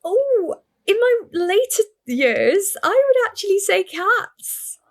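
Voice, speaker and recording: A woman's voice: very high-pitched, big pitch swings. Chatty young woman, podcast guest. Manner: chatty and upbeat, quick to laugh. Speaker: podcast guest, fitness coach. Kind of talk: casual interview chat.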